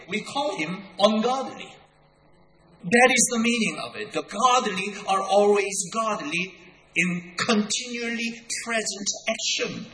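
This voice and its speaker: A man preaching a sermon in a deliberate, emphatic way, repeating key words for weight. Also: sits high, sharp tone, a little hiss or hum. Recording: echoey hall with long reverb.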